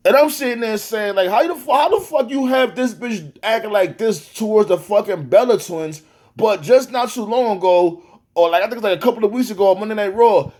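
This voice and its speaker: A man with a high, light voice rants about a wrestling match, swearing freely and sounding exasperated. He talks in a loose, animated way and often stops to restart his sentences. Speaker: wrestling reviewer. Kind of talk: profane ranting review.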